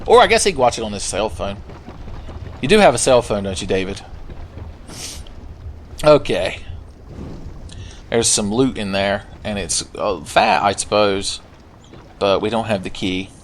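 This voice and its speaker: A man's voice: on the low side, lively intonation, moderate pace, pauses often, a little hiss or hum. Sarcastic man joking over gameplay. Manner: joking, sarcastic, breaks into silly singing. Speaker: gaming video host. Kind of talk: casual let's play commentary.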